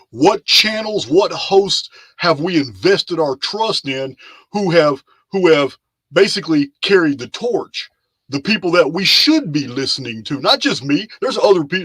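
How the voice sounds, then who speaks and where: Man, live stream host, casual rambling chat, repeats phrases, slightly high voice, dry sound. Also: fairly bright tone, breathy edge, no echo. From lives in Texas. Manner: loose and rambling, repeats himself.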